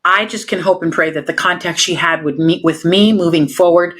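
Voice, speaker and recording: A woman's voice: lowish voice, fairly quick, a bit bright. A woman police officer, a guest in an interview, telling her stories in a candid and emphatic way and laughing often.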